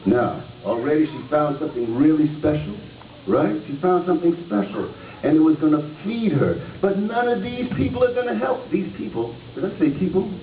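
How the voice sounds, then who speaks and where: A man's voice: a little high, normal speed, crowd noise. Man reading aloud to children in an echoey hall. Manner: lively, playful, asks the children questions. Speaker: actor reading to schoolchildren. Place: school hall. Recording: tinny distant echoey hall recording with noise.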